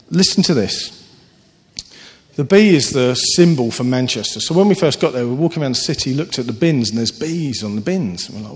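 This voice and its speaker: A man preaching a sermon, earnest and animated, telling stories with sudden lifts in his voice. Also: medium pitch, moderate pace. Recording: long hall reverb.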